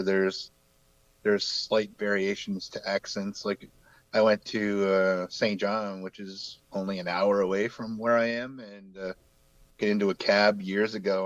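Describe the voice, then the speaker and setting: Low-voiced canadian guy from new brunswick, chill rambly chat, muffled dull dry sound. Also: no room sound. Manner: easygoing, rambling with many fillers. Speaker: guest artist. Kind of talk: casual video-call chat.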